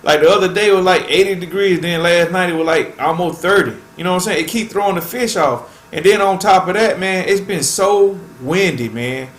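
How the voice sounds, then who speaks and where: A man's voice: sits high, a little fast, hardly any pauses, a bit bright, echoey room. A man hosting a fishing channel, chatting casually to viewers in a laid-back way and tacking "man" onto nearly every phrase.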